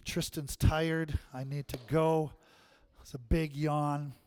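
Speaking slowly and evenly, a man with a slightly high, clean, darkish voice preaches to a church congregation. He keeps it conversational, often checking in with a "right?", and finishes by leading a closing prayer.

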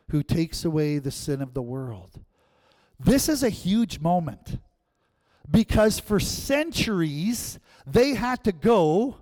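A man preaching a sermon as pastor, animated and often checking in with the congregation. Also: sits high.

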